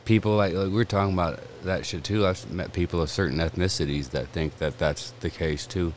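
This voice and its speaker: A man's voice: sits low, fairly even intonation, fairly quick, slight background noise. A man chatting casually with friends, telling a rambling, profane story. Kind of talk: casual chat among friends.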